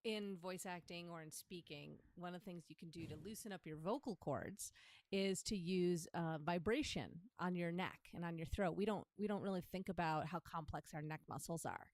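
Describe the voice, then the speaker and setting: Low-voiced woman guest, dry sound. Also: normal speed, no echo. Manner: animated, demonstrates vocal warm-ups. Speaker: podcast guest, voice coach. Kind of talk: casual podcast chat.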